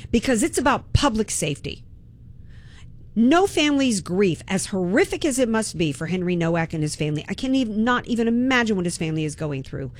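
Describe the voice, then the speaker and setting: A woman hosting talk radio, delivering an impassioned, indignant political monologue and repeating words when worked up. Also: mid-range voice.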